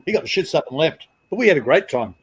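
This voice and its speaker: A man's voice: fairly high pitch, big pitch swings, fast, husky. A middle-aged man with an Australian accent, telling long rambling stories at home and swearing freely on a live stream. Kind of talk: casual storytelling.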